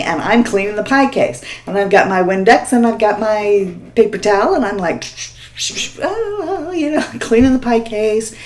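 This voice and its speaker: A woman tells a story to the camera in a loose, chatty vlog style. She laughs often and keeps checking in with the listener. Her voice sits a little low for a woman. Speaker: vlogger. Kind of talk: casual storytime chat.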